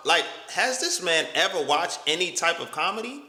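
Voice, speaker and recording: Young guy ranting back at a critic, bright lively voice, swears a lot, echoey room w/ long reverb. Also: high voice, moderate pace, hardly any pauses. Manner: exasperated, swearing, incredulous. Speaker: YouTuber reacting to a critic's video. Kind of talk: casual reaction commentary.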